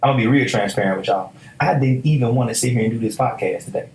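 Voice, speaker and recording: A man's voice: mid-range voice, quick pace, a little mellow. A young man, hosting a solo motivational podcast in an emphatic, preachy, casual way with stammered restarts. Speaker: podcast host. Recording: echoey room.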